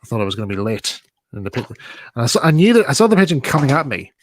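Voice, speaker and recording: A man's voice: medium pitch, sing-song, racing, dry recording. A young man hosting a casual live chat, telling stories with plenty of giggles and restarts. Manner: giggly, rambling storyteller. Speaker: host.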